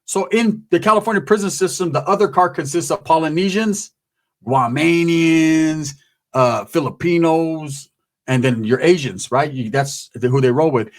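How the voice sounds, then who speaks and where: A man with a slightly raised pitch spins a long, rambling story in loose street talk, heavy with swearing. He keeps turning to the listener and slips into the voices of the people he is describing. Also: normal speed. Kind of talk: casual profane storytelling.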